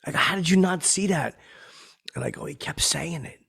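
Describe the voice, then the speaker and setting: A rough, gravelly, very raspy voice carries this washed-up middle-aged comic, as a man puts him on in a podcast monologue. He rambles in loose, tactless asides. His boasting keeps tipping over into sentiment. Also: on the high side, fast talker, bright, forceful tone, exaggerated voice. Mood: rambling. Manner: rambling, rough-spoken, tactless, lurching between bravado and sentiment. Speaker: podcast host.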